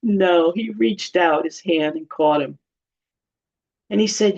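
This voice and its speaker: Her voice is on the low side, unhurried and a bit mellow, as she leads an informal church Bible lesson full of jokes and frequent laughter. The recording has a somewhat dull lo-fi quality.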